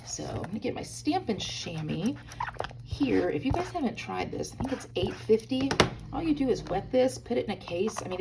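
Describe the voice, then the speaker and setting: A craft video host with a mid-range voice and some vocal fry leads a hands-on crafting tutorial from a hotel room, chatty and bubbly as she talks straight to her viewers. The recording is very noisy.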